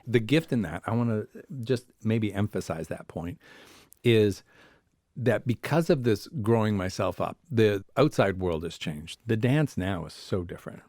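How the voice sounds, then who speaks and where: This is a man speaking as a family therapist on a podcast, telling stories about his life. His voice sits low, and he sometimes acts out the voices of people in his stories. The recording is dry and close, with no room sound. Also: expressive, unhurried, a little mellow, no room sound. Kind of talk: conversational podcast storytelling.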